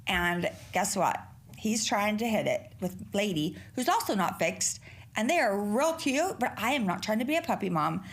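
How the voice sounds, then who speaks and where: Lively, foul-mouthed middle-aged woman host. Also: mid-range voice, moderate pace. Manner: profane, rambling and animated. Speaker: podcast host. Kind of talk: casual solo podcast chat.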